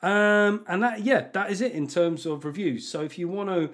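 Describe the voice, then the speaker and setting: A man's voice: high voice, normal speed, a bit bright. Profane, self-mocking man. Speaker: podcast host. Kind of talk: casual chat.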